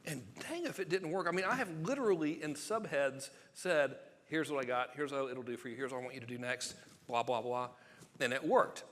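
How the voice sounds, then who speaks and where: A man teaches sales copywriting at a live seminar, talking fast and excitably with plenty of jokes. His voice is bright and tense. It rings out with long reverb from the hall. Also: mid-range voice. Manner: excitable, fast, joking, acts out quotes.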